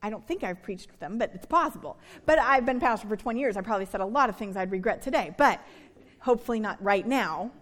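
A middle-aged woman pastor preaching a sermon, earnest, slowing down for emphasis and dropping soft and low on key words. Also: lively intonation.

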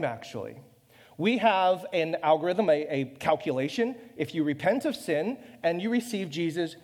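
A man's voice: high-pitched, a little mellow, long reverb tail. A man preaching a sermon in a loose, conversational way, joking at his own expense and firing off rhetorical questions. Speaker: pastor.

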